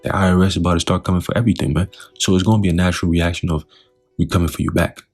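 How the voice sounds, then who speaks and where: A man's voice: low-pitched, steady tone, rapid-fire, faint music behind. A man teaching scripture in a loose, talkative way, often putting questions to the listener.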